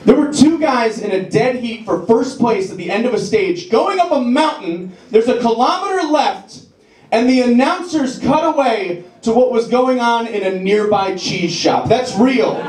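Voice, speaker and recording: A man's voice: extremely high pitch, expressive, a little mellow. A man performing a wry, self-deprecating stand-up set on a comedy club stage. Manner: wry, self-deprecating, does quick voices for jokes. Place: comedy club stage before a live audience. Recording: echoey club with crowd laughter.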